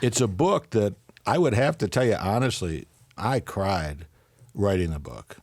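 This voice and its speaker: A man's voice: lowish voice, sing-song, unhurried, darkish tone, dry recording, clean studio sound. An older man, a psychologist and guest on a radio interview, telling a personal story as he tears up and laughs.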